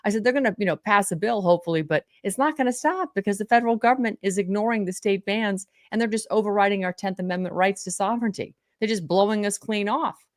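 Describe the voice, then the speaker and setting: A woman's voice: mid-range voice, quick pace, hardly any pauses, no echo, studio quality. A woman from Florida, a guest on a podcast, telling stories animatedly and acting out quotes. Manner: animated storyteller, acts out quotes. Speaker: interview guest. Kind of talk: casual interview chat.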